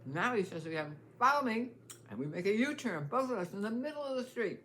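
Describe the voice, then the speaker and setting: A woman's voice: mid-range voice, animated, fast talker, slight background noise. An older woman vlogging from home, telling a story in a chatty way and laughing often. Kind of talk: casual storytelling.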